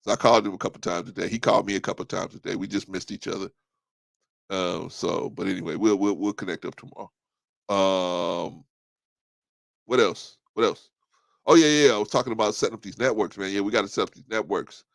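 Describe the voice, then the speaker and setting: Gravelly low-voiced man hosting a talk stream. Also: a little fast, no echo. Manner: animated, laughs a lot, repeats himself. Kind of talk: casual monologue.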